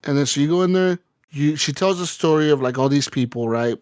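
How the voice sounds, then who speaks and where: A man's voice: fairly high pitch, fairly quick, darkish tone, smooth, no room sound, clean studio sound. A man co-hosting a casual podcast, telling a long rambling story full of swearing. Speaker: podcast co-host. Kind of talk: casual chat.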